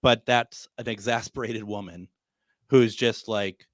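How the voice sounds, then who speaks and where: A man's voice: medium pitch, steady tone, measured pace, a bit bright, dry recording. A man hosting a live paranormal radio talk show, telling stories animatedly and acting out his own quotes with plenty of fillers.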